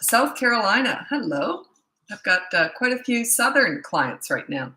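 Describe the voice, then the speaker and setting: A woman's voice: on the high side, very animated, normal speed, bright, forceful tone, reverberant, low-quality recording. A woman, a parenting coach, chatting through a casual live-stream Q&A with lots of ums; she sounds tired. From Canada. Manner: chatty, rambling, many ums.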